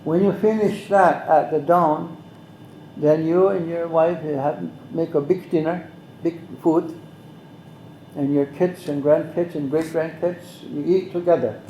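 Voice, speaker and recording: An older man, slowly telling a traditional story as an elder guest, with measured, repeated phrases. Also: a little high, fairly even intonation, warm tone, a little hiss or hum. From Mohawk Valley, New York. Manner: measured, repetitive, speaks some phrases in Mohawk. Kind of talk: slow oral storytelling. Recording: roomy echo.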